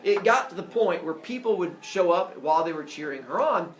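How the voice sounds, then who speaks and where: A young male teacher tells myths to his class with a lively, swooping voice and playful sound effects. His voice sits a bit high for a man. The classroom is echoey, with faint room noise, and the camera picks him up from afar. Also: a little fast, recorded from a distance. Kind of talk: animated classroom storytelling.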